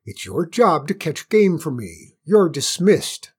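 A storyteller voicing a spoiled, bossy queen who barks orders in a shrill, commanding way. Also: very animated, normal speed, a little mellow, husky. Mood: imperious. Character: spoiled haughty queen, bossy and quick-tempered.

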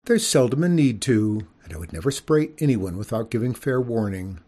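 A man's voice: mid-range voice, sing-song, moderate pace, warm tone. A man reading an audiobook, voicing a prim, genteel widowed mother skunk who lectures in a proper manner. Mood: prim lecturing.

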